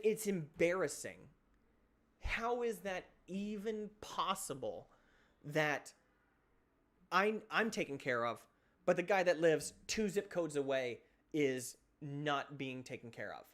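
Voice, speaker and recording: A young man streaming live, venting in a heated, exasperated rant full of rapid-fire questions. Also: fairly high pitch.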